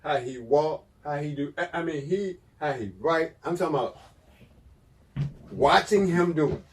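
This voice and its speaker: A man co-hosting a podcast in casual chat, telling an animated story that swings between loud and hushed. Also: a little high, moderate pace, far from the mic, slight background noise, rough recording. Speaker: podcast co-host.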